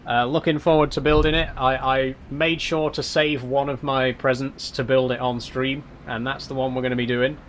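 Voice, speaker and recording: Young South Yorkshire male streamer, casual chatty delivery, mid-pitched voice, faint noise behind. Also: level tone, moderate pace, hardly any pauses. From South Yorkshire, England. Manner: chatty, reads chat aloud, laughs often, swears. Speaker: game streamer. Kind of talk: casual live-stream chat while gaming.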